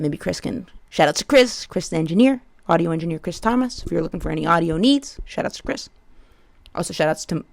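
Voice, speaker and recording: A woman's voice: mid-range voice, no echo. Profane rambling comedian woman, dry close sound. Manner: rambling, profane, animated riffing. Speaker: comedian podcast host. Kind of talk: solo comedic monologue.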